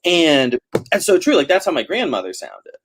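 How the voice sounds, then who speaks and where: A man's voice: on the high side, sing-song, moderate pace, slight background noise. A man, a novelist chatting over a video call, rambling and laughing often between fillers. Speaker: novelist guest. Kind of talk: casual video-call chat.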